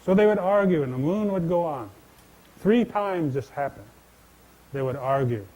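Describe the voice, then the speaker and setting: Folksy male storyteller with a mellow voice. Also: on the high side, animated, normal speed, rough recording. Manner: folksy, conversational, addresses listeners directly. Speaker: storyteller and speaker. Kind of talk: telling traditional legends to an audience. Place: stage in a large indoor venue.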